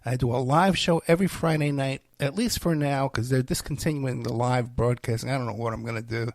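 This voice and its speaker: A man hosts his own podcast and rambles through plugs and stories. He is full of fillers and self-deprecating asides. His voice is gravelly and close in a dry, dead-sounding recording, and he sounds tired and under the weather. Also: medium pitch, a little fast, no echo. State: tired, feeling unwell. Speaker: podcast host and private investigator. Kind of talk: rambling solo podcast talk.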